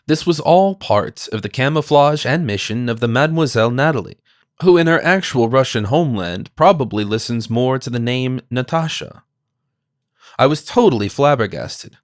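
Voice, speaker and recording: A man's voice: medium pitch, expressive, moderate pace, no room sound. Man narrating an audiobook, dry close sound. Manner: reads all characters himself with small shifts. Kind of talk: scripted narration.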